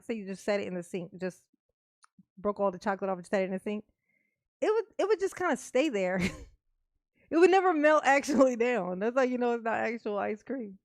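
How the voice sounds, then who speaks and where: A woman's voice: on the high side, dry recording, clean studio sound. A woman streamer chatting casually and laughing often as she reacts live and talks to her viewers. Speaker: streamer reacting to a court livestream.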